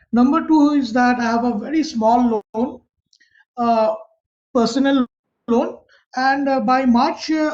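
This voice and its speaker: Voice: medium pitch, a little mellow, highs cut off. A small business owner, speaking hesitantly and plainly in a webinar. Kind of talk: webinar discussion. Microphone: video call.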